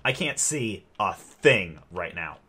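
A man's voice: lowish voice, big pitch swings, slow, bright, forceful tone, slightly rough. A young man giving casual, self-deprecating commentary while playing a video game and reading its text aloud. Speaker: let's play host.

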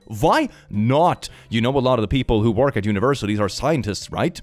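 A man's voice: medium pitch, lively intonation, fairly quick, faint music behind. A man hosting a comedic reaction commentary on memes, sarcastic and mocking, laughing often. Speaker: channel host.

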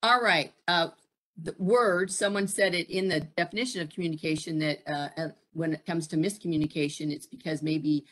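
A middle-aged woman presenting a live-streamed workshop, pausing often with fillers and putting questions to her audience. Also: low-pitched, fairly even intonation, a bit bright. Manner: frequent fillers and pauses, asks the audience questions. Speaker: presenter at a military family program.

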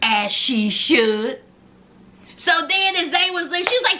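Woman, sassy reality-show recapper: high, bright voice, swoops up and down as she gossips. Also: big pitch swings, measured pace, slight background noise. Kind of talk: animated show recap commentary.

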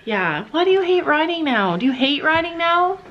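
A woman's voice: high voice, sing-song, normal speed, highs cut off, slight background noise. A middle-aged woman vlogging casually, chatting straight to her viewers in a talkative way. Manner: chatty, often addresses viewers directly. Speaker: family vlogger. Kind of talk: casual vlog talk to camera.

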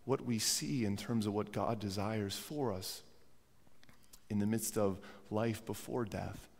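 A man's voice: lowish voice, fairly even intonation, measured pace, gravelly, a little mellow. A man preaching a sermon as pastor while he has a cold, earnest and often repeating words as he restarts his phrases. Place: church sanctuary. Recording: long church hall reverb.

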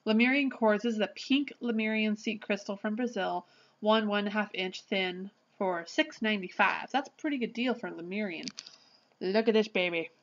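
A gushing, excitable woman chats her way through a home unboxing, breaking into delighted exclamations and quick apologies. The sound is a bit dull and lo-fi from the camera mic, with a faint hiss behind her. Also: medium pitch. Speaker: vlogger. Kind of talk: casual unboxing chat.

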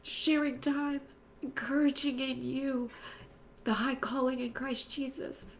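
A woman's voice: sits high, fairly even intonation, measured pace, slight background noise. Fervent woman leading prayer. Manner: swings from loud fervent calls to soft whispered prayer. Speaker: prayer group leader. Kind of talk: spoken prayer and encouragement.

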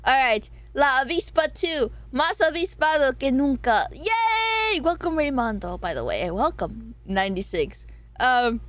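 A young woman streaming casually, reading viewer messages out loud with giggles, jokey asides and plenty of swearing; her voice is going a bit hoarse. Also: on the high side, dry recording. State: voice getting hoarse.

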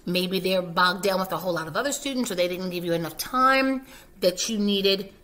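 A woman's voice: on the low side, brisk. A woman nurse educator talking casually to her viewers, chatty and reassuring, close to tears at times as she thanks a student. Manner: warm, chatty, emotional, reassuring. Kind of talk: casual vlog talk to camera.

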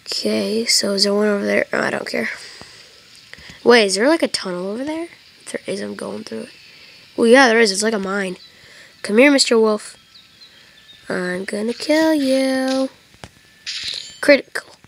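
A woman's voice: medium pitch, brisk, gravelly. A tired woman giving casual, rambling commentary to viewers while playing a video game, joking as she goes. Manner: rambling, jokey, talks to viewers. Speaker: let's play gamer.

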